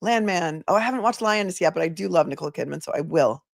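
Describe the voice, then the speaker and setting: A woman attorney hosting a casual livestream, telling stories in a chatty, animated way and talking to her chat. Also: on the low side, fast, vocal fry, dry recording, studio quality. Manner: chatty, animated storytelling, reads chat aloud.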